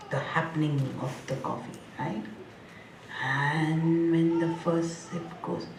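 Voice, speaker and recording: A woman's voice: low voice, expressive, takes it slowly, noisy background. A woman gives a spiritual talk, chatty and playful, laughing often and repeating words rhythmically. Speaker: spiritual teacher. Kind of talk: spiritual discourse with humor. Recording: echoey hall, mic at a distance.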